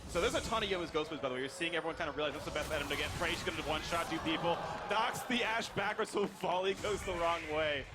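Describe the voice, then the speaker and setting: A man giving joking color commentary on a video game match, with bursts of excitement. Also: a little high, fast talker, few pauses. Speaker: esports commentator.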